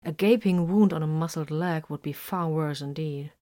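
Woman narrator, low voice, even measured reading, audiobook. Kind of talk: scripted narration of fan fiction.

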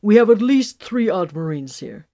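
Brief: woman voicing a stern, polite soldier, loud and insistent, storybook. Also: medium pitch, big pitch swings, normal speed, voice pushed up, lightly acted. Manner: polite but insistent, raised voice.

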